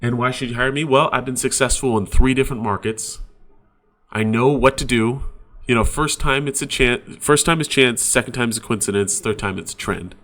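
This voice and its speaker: A man's voice: medium pitch, a little fast, fairly bright tone. A man coaching real estate agents in a casual, conversational sales training talk. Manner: casual, conversational, uses sports examples.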